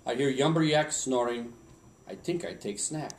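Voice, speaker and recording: A man's voice: mid-range voice, animated, moderate pace, close to an everyday voice. Man doing a tipsy old Swedish lumberjack. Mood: jolly. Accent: mock Swedish. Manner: sing-song, chuckling storyteller. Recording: roomy home recording from a distance.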